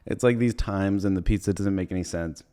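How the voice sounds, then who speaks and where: A young man with a lowish voice rambles through a comedic movie recap, swearing freely. He laughs at his own retelling and keeps popping into quick impressions of the characters. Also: warm tone. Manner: rambling, profane, laughs while retelling scenes and puts on brief character voices. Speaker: comedy podcast host.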